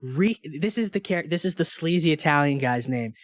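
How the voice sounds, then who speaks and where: A man's voice: on the high side, expressive, normal speed, hardly any pauses, no echo, clean studio sound. A man co-hosting a podcast, chatting casually and reading movie quotes aloud with relish, laughing often. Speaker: podcast co-host.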